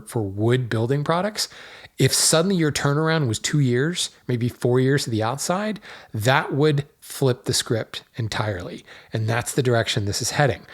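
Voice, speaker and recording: A man hosting a podcast, talking casually and loosely with many fillers and restarts as he works at a hardwood dealer. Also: medium pitch. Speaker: podcast host. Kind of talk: casual solo talk.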